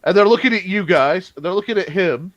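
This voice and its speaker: A man running a tabletop game as game master, animated and laughing as he narrates. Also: sits high, dry recording, highs cut off. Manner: animated, laughing, jumps between narration and quick voices.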